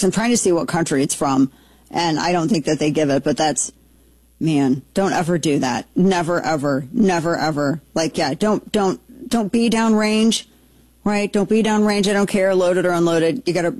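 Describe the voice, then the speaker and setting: Husky woman hosting talk radio. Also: low voice, darkish tone, dry recording. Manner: incredulous, quick asides and restarts. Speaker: radio talk show host. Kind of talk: casual talk radio commentary. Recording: dry studio sound.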